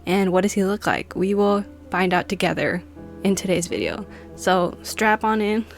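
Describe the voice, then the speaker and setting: A young woman hosting a paranormal channel, chatting casually and reading an article aloud, her voice wavering and breathy. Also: mid-range voice, animated, moderate pace, soft background music. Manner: chatty, self-joking.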